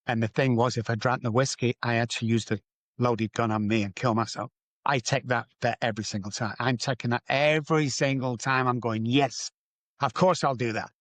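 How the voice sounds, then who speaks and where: Male guest, mid-pitch, emphatic and repetitive, dry close recording. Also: steady tone, fairly quick, fairly bright tone, no echo. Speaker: guest, addiction recovery doctor. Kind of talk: candid interview storytelling.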